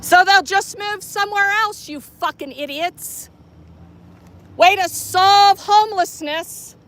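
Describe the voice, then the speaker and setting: A woman with a very high, bright, piercing voice heckles police on an outdoor city street. She swears constantly and turns sarcastic, recorded on a handheld phone. Her delivery stays confrontational. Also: slow. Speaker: street activist filming police.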